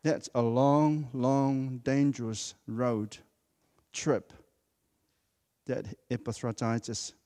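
A man's voice: medium pitch, darkish tone, big-room sound. A man preaching a sermon in a church, speaking emphatically and repeating key words for effect.

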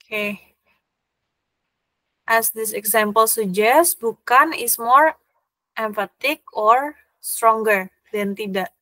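A woman walks a student through grammar in a lesson, patient and unhurried. Her pace is very slow and deliberate. The sound is close and dry, with no room around it. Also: on the high side, sharp tone, no room sound. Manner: slow, patient explaining with examples. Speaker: language teacher. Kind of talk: online language lesson.

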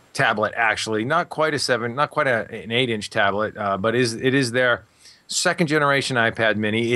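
A man giving a relaxed, plain-spoken product rundown on a tech podcast, thinking aloud as he goes. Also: mid-range voice, dry recording.

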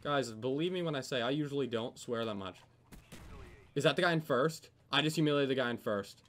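A young man giving live commentary over a video game, swearing often and yelling when things go wrong. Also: medium pitch, fairly quick. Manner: swears a lot, yells when frustrated. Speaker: gaming commentator.

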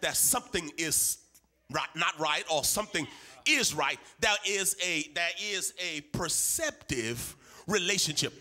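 A pastor preaches to his church in a high, very bright voice. His pitch leaps and falls as he leans into rhythmic, repeated phrases. He keeps up a steady call and response with the room. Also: a little slow. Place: church sanctuary.

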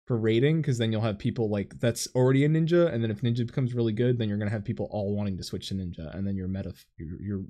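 A man co-hosting a casual gaming chat, talking at an ordinary pitch. He rambles through his points with plenty of fillers and asides. His voice comes through a headset over voice chat. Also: a little mellow. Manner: rambling, filler-heavy, laughs often. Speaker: podcast co-host.

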